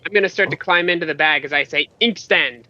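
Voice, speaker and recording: Bright, sharp-voiced male player. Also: a little high, fast talker. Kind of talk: casual tabletop play. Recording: dull lo-fi sound.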